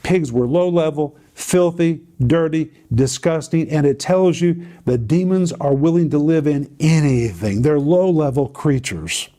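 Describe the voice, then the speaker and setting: Male Bible teacher, slightly high and warm, dramatic emphatic delivery for a teaching show. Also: a little slow, few pauses. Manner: emphatic, dramatic storytelling with repeated phrases.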